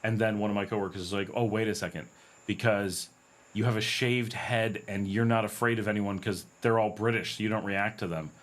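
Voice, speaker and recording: A man's voice: lowish voice, fairly even intonation, brisk, a bit bright. A middle-aged American man hosting a casual livestream Q&A, chatty and telling stories with frequent laughs. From United States. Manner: chatty, anecdotal, laughs often, acts out quoted voices. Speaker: livestream host.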